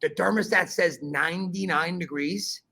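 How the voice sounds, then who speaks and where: A man hosting a podcast, telling a story in animated casual chat, swearing often and calling his listener bro. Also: high-pitched, normal speed, vocal fry. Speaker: podcast host.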